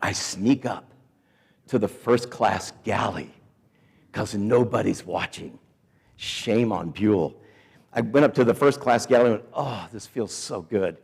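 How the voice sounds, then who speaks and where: A man preaching at a school gathering, telling a comic story in a playful, animated way and acting out the people in it. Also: lowish voice, a little slow, gravelly, pauses often, breathy edge. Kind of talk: sermon told as a comic story. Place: school chapel or auditorium. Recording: echoey hall.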